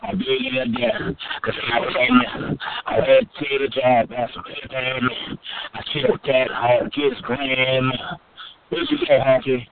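A man hosting a call-in show, trading crude taunts and repeating insults loudly. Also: medium pitch, very animated, moderate pace, vocal fry, hardly any pauses, crowd noise. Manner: loud, taunting, repetitive insults. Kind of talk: crude trash-talking call-in banter. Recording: phone-like lo-fi line, dry.

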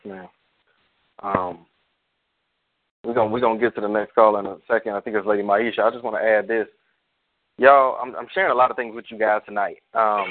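A man, a pastor, hosting a call-in show in a heartfelt, rambling way. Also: mid-range voice. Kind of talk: casual call-in talk. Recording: tinny phone-line sound.

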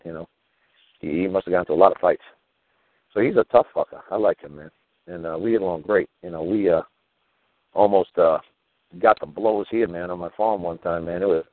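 A man's voice: low-pitched, no room sound. A man hosting a show, telling rambling stories in a casual, profane way, peppered with "you know" and "man". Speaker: show host. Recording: tinny phone-line sound.

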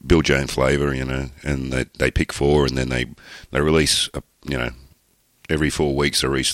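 A man's voice: very deep voice, level tone, moderate pace, a bit bright, no echo. A man, co-hosting a casual podcast chat with dry, blunt remarks. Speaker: podcast co-host.

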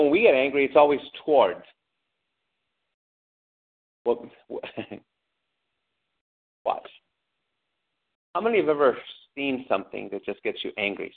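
A pastor with a medium-pitched voice preaches an animated sermon, calling out questions to the congregation and acting out angry shouts. The recording has a tinny, phone-like lo-fi sound.

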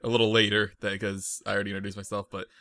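Blunt man with a bright voice. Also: fairly low pitch, little pitch movement, racing, dry recording. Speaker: player. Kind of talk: casual tabletop play.

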